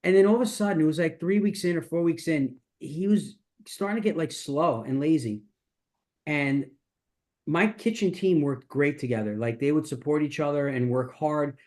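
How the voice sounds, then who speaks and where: In a masterclass, this middle-aged business coach speaks in a casual, emphatic, rambling way with many restarts. His pitch is fairly high, his pace moderate, and his tone a little mellow.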